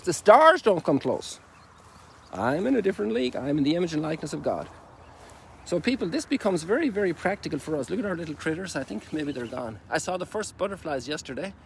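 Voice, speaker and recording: With a slightly high, slightly mellow voice and a bit of background noise, an Irish priest in his sixties rambles through an informal reflection. He's walking outdoors at sunrise, tossing in folksy asides.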